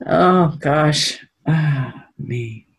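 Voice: mid-range voice, very slow, vocal fry, poor audio. Spiritual teacher, informal talk, candid, self-deprecating, laughs a lot, room at home.

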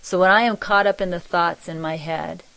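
Soft-spoken woman reading spiritual messages. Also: lowish voice, fairly even intonation, moderate pace, gravelly, dry recording, rough recording. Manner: soft-spoken, reflective, often laughing. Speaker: spiritual teacher.

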